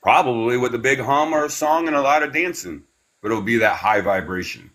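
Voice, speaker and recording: A man leading a spiritual class, talking in a meandering, unhurried way with many fillers and giving slow, soothing breathing cues. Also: medium pitch, expressive, a bit bright. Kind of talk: guided breathing meditation class.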